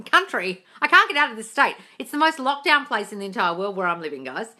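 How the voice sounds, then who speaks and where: Bright-toned woman calling everyone darling. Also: a little high, sing-song, fast talker. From Australia. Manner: breezy and blunt, calls viewers darling, swears casually. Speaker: manifestation coach on a live stream. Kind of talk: casual live Q&A, reading viewer comments.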